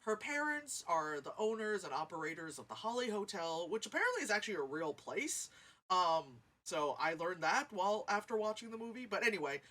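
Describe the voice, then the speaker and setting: A woman ranting about a movie in a casual review, sarcastic and animated, swearing often. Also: mid-range voice, fairly quick.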